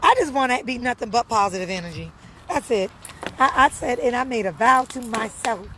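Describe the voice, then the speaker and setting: A woman's voice: on the high side, expressive, brisk, a bit bright, slight background noise, poor audio. A young woman speaking casually and earnestly to her viewers, repeating phrases for emphasis. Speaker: live streamer answering viewers. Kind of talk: casual personal talk.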